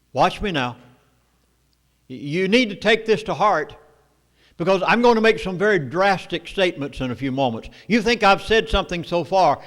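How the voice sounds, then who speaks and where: A man with a Southern US accent lecturing an audience, emphatic and storytelling, with dramatic pauses. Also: sits high. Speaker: speaker at a meeting. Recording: long hall reverb.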